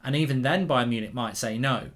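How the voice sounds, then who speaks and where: A man hosting a football channel, talking through transfer news in an animated, opinionated way, thinking aloud. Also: medium pitch, fairly quick.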